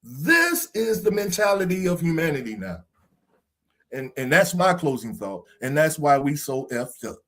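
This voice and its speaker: A man's voice: a little high, big pitch swings, normal speed. A man hosting a podcast discussion, talking in a preachy, casual way and swearing now and then. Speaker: podcast host.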